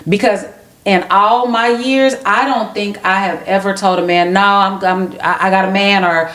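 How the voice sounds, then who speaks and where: A woman in her forties co-hosting a podcast, talking in a relaxed, halting way and often repeating words. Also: mid-range voice. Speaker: podcast co-host. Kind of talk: casual chat. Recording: echoey room.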